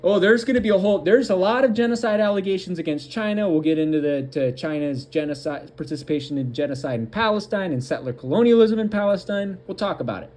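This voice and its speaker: A man hosting a political commentary show, reading an article aloud with halting restarts and breaking off for mocking asides. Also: high voice, expressive, darkish tone.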